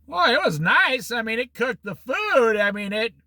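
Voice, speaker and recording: Guy doing a skeptical wife, hesitant and kinda exasperated, high bright voice, slow. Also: sing-song, no echo, clean studio sound, heavily acted. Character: skeptical middle-aged wife weighing a purchase.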